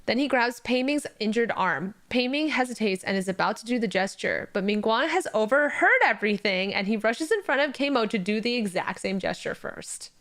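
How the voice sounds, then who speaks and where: Podcast co-host, woman, raised pitch, casual animated story recap. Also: brisk, few pauses. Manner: animated narration with laughter.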